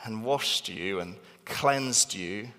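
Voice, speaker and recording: A man preaching a sermon in a church hall, animated and emphatic, repeating phrases for stress. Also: on the low side, takes it slowly. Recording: long reverb of a large hall.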